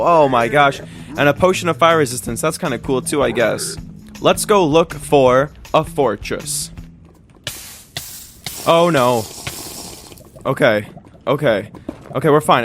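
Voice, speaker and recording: A man's voice: medium pitch, expressive, unhurried, long pauses, soft background music. A young man giving casual, upbeat let's-play commentary on his game, with dramatic reactions. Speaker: gaming YouTuber.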